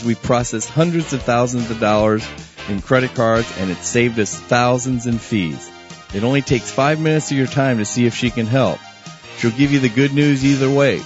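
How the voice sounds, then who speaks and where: A man reading an upbeat radio advertisement as the head of a radio network. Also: normal speed. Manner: upbeat pitchman delivery. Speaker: radio network founder doing ads. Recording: dull, slightly lo-fi radio audio with faint music.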